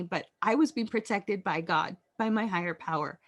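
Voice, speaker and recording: A woman in her thirties, a podcast guest telling her personal story in an earnest, reflective way with halting pauses. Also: fairly low pitch.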